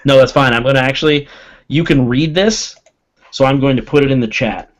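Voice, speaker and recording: Man narrating as game master. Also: mid-range voice. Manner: descriptive narration with quick self-corrections.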